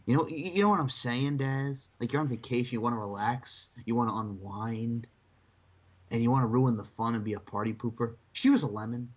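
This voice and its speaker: Animated swearing man, podcast co-host. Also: brisk. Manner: animated, swearing, jumps into shrill mocking impressions. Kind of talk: casual chat.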